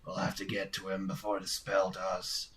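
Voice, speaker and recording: A man voicing a gruff, sardonic character in a quiet, low and dry voice, reading game dialogue. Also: monotone, moderate pace, a little hiss or hum. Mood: grim.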